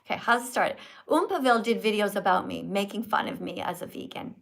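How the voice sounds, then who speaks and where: A woman from Canada hosting a casual live stream, chatty and animated, quizzing guests in a teacherly way. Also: medium pitch, a little fast, vocal fry.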